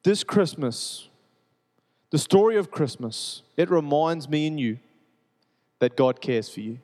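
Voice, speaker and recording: Casting: male pastor, earnest sermon delivery, slightly higher voice, reverberant church hall. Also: lively intonation, a little slow. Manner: earnest, repetitive preaching cadence, shifting between soft and urgent. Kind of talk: sermon with personal testimony. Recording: long reverb of a large hall.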